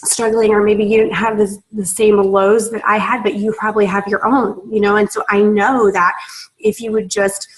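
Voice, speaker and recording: A woman's voice: mid-range voice, flat delivery, moderate pace, slight background noise, low-quality recording. A young woman, a team leader on a video call, talking emotionally and gushing with many fillers, close to tears. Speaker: team leader in a sales business.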